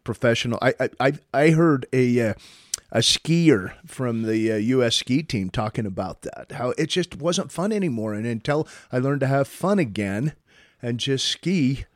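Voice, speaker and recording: A man with a mid-pitched voice chats agreeably, stumbling a little as he starts his sentences. The recording is dry and close. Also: expressive, moderate pace, dry recording. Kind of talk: casual faith discussion.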